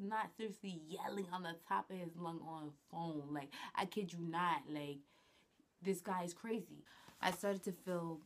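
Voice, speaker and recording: A woman's voice: lowish voice, moderate pace. A woman vlogger telling a personal story in a casual, blunt, slangy way, swearing often. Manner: blunt, slangy, swears a lot, animated retelling.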